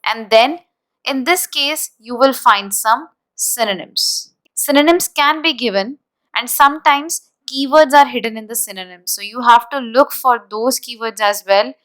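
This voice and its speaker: A woman teaching an exam-prep lesson, explaining deliberately and spelling words out letter by letter. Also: a little high, fairly bright tone, rough recording. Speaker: IELTS teacher.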